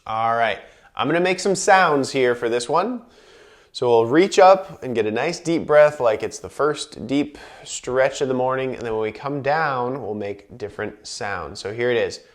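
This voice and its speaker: A man of average pitch leads a guided breathing and movement class. He calls out each inhale and exhale in a calm, unhurried way, then drops into relaxed, chatty explanations between the cues. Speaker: movement instructor.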